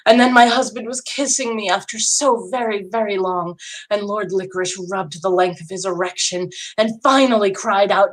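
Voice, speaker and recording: A woman's voice: medium pitch, measured pace, a bit bright. A woman narrating a first-person fantasy story in an intimate, dramatic reading style.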